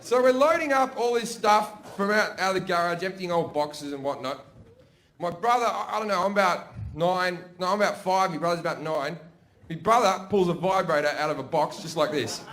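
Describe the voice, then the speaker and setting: A man with an Australian accent telling profane, animated stories as a stand-up comedian. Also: sits high, brisk, a little hiss or hum. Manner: brash, profane, animated storytelling. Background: audience laughter.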